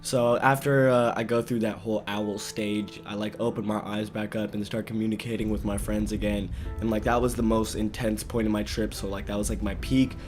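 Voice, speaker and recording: A young man vlogger telling a story in a casual, animated way, full of slang and swearing. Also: lowish voice, a little fast, hardly any pauses, soft background music.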